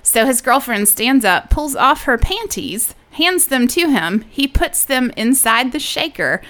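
A young adult woman co-hosting a casual chat, telling an animated story and acting out what people said. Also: sits high, measured pace. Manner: animated storyteller, acts out quotes, laughs often. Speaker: podcast co-host.

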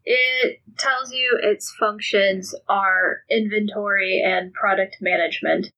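Bright-voiced woman game master. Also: medium pitch, takes it slowly, poor audio. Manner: descriptive, relaxed narration with fillers. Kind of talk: narrating a tabletop game.

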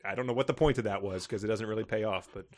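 A man's voice: fairly low pitch, rapid-fire, no echo. A man co-hosting a casual comedic podcast, reading book passages aloud and sarcastically riffing on them. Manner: sarcastic, reads passages aloud then riffs. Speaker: podcast co-host.

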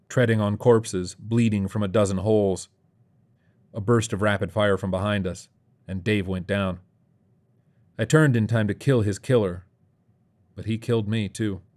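A man's voice: fairly low pitch, a little mellow. A man narrating a first-person story in a grim, clipped, world-weary way.

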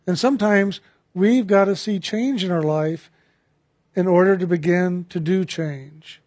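A man who is a spiritual teacher, retelling a conversation in a calm, reflective talk with repeated phrases. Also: high-pitched, a little slow, no room sound, studio quality.

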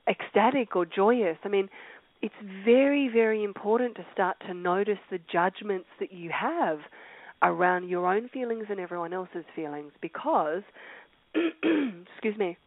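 A woman coach gives an earnest, reflective talk, restarting phrases as she works through her thoughts. Her voice sits on the low side. She comes through dry, narrow phone-line audio. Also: dry recording. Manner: heartfelt and reflective, with frequent restarts and throat clearing. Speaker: coach leading a call.

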